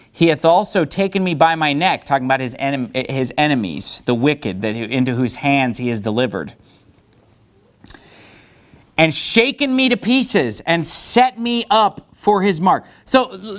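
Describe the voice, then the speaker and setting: A man preaching a sermon to a congregation, animated and emphatic, now and then growling to act out anger. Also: on the high side. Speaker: pastor.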